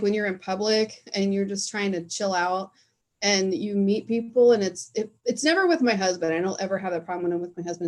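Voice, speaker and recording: A woman hosting a casual chat over a video call, talking loosely and joking, laughing often. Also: medium pitch. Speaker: host.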